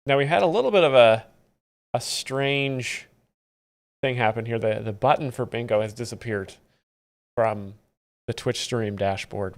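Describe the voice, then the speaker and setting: A man live-streaming, commenting on comedy clips with dry, mock-expert deadpan. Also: mid-range voice.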